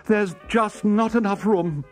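A man's voice: sits high, takes it slowly, voice pushed up. A man voicing an exasperated mother pig who exclaims her complaint. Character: fussy, fed-up mother pig. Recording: music playing underneath.

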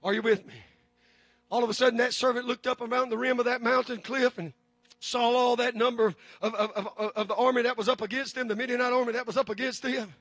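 A preacher man with a very high, bright voice and a husky edge, rousing a congregation. He shouts his lines in rising, stretched-out peaks, then sinks to a low hush. The sound is dry and close. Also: steady tone, quick pace, no echo. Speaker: pastor. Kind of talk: sermon.

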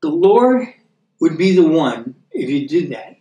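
An American man giving conversational Bible teaching, checking in with listeners through tag questions like "okay?" and slowing down to read scripture aloud. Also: on the high side, sing-song, mellow. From United States. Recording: echoey room, voice from a distance.

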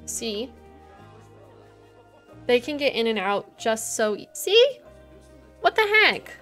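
A woman's voice: mid-range voice, fairly bright tone. A young woman livestreaming a zoo-building game, chatting casually, thinking aloud and greeting viewers in chat. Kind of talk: casual gameplay commentary.

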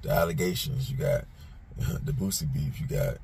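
Running his own commentary channel, this host talks straight to the people he covers using street slang, blunt and casual, frequently saying things again. His low-pitched voice is sing-song with vocal fry and a little mellow at a moderate pace, and there's slight hiss or hum.

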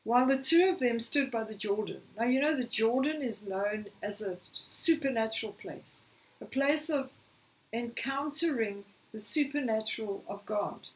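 A woman preaching a sermon, slightly hoarse, telling a scripture story and acting out the quoted lines. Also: a little high, normal speed, distant mic, low-quality recording. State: slightly hoarse, clearing throat.

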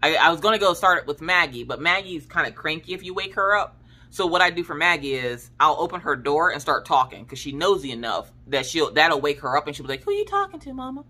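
A woman's voice: deep voice, brisk. A woman in her thirties hosting a craft channel, chatting casually and telling family stories in slangy speech, acting out her relatives' lines. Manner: animated, slangy, acts out family members' lines. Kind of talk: casual storytelling chat.

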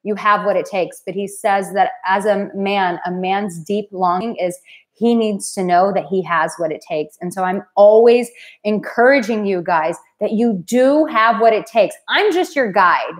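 A woman's voice: medium pitch, a little slow. Woman dating coach, 30s to 40s, earnest livestream host, heartfelt delivery. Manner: earnest, heartfelt, emotional at times. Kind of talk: live stream talk to viewers.

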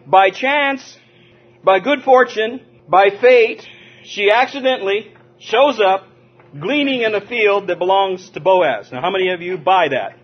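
A man from Southern California preaching a lively sermon, drawing call-and-response from his listeners and chuckling between points. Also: high-pitched, husky. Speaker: pastor. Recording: dull lo-fi sermon recording.

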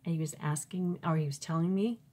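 A woman's voice: low voice, fairly even intonation, brisk, warm tone, breathy edge. A Christian author, a woman, tells a personal faith testimony informally, with many fillers and restarts, and acts out her own past thoughts in raised, emphatic bursts.

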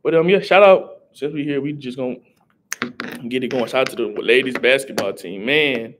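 A man's voice: medium pitch, moderate pace, fairly bright tone, slight background noise. A young man, rambling casually on a live stream and greeting viewers in chat. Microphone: headset.

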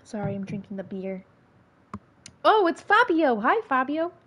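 A woman with a high-sitting voice keeps a measured pace as she livestreams a game. Her commentary is casual and excitable, full of swearing, sudden laughs, and panicky outbursts.

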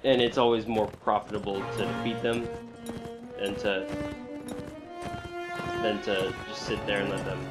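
A man commentating while he plays a video game, reacting with frequent excited outbursts and exclamations. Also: lowish voice, a little slow, pauses often, music in the background. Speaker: gamer. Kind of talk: gameplay commentary.

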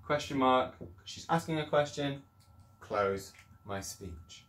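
A man's voice: mid-range voice, expressive, takes it slowly, a bit bright. A male primary school teacher giving an upbeat, encouraging video lesson, sometimes acting out voices as he explains. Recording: echoey room.

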